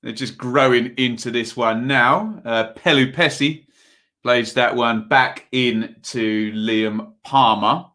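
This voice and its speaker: A man runs a live football watch-along stream, calling the action in a loose, chatty way. His bright voice has an edge of force as he rambles between the play and viewers' messages. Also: mid-range voice, slow. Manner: casual play-by-play mixed with reading viewer messages; rambling and chatty, with frequent fillers.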